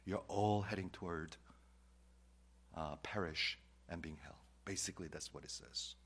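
A male pastor preaching a sermon, repeating key phrases and swinging between loud declarations and quiet asides. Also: deep voice, measured pace, husky.

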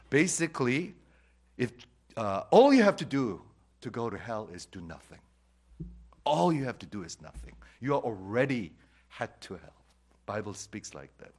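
A male pastor preaching a sermon, repeating key phrases and swinging between loud declarations and quiet asides. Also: medium pitch.

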